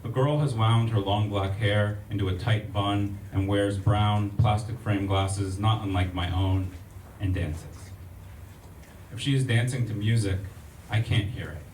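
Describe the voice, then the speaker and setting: A low-pitched American man reads poetry in a measured, rhythmic cadence, pausing for casual asides to his audience. He sounds distant from the microphone in an echoey library room, with a faint hum of ambient noise behind him. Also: fairly even intonation, a little mellow. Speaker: poet. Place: public library event room.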